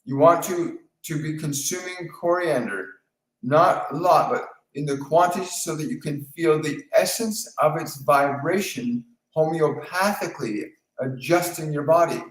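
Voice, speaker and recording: A man hosting a live spiritual Q&A, talking in a calm, repetitive coaching tone. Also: medium pitch, echoey room, low-quality recording. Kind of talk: live-stream talk answering viewer questions.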